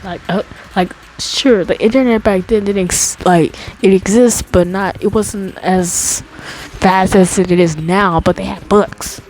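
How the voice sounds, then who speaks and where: A woman's voice: steady tone, measured pace, a little mellow, a little hiss or hum, poor audio. A woman telling a childhood story in a casual storytime monologue, rambling with lots of restarts and fillers, and getting exasperated. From America. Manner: exasperated, rises high when complaining. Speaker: storytime host.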